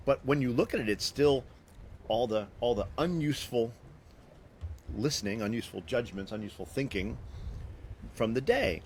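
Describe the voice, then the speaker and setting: A man hosts a live stream and tells a personal story, his pitch swinging up and down as he talks. He restarts sentences often and speaks straight to his viewers. A faint hum of ambient noise sits behind him. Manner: animated storytelling, frequent restarts. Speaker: host.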